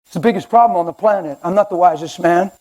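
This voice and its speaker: An older man preaching a sermon in a church, conversational and animated with sudden loud outbursts. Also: high voice, quick pace.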